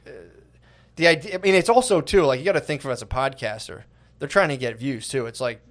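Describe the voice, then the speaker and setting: A young man co-hosting a comedy podcast, rambling through a story in casual chat and mocking voices with slow, grand delivery. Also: mid-range voice. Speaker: podcast co-host.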